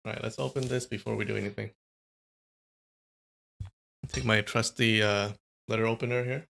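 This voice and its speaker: Chatty young man with a gravelly voice. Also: fairly low pitch, steady tone, normal speed, bright, forceful tone, a little hiss or hum. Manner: chatty, rambling, answers chat. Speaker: streamer. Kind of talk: casual live-stream chat.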